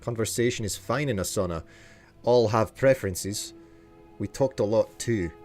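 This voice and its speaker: A man streaming a game live, chatting and joking as he reacts out loud to what happens in it. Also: lowish voice, normal speed, soft background music. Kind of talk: live gameplay commentary.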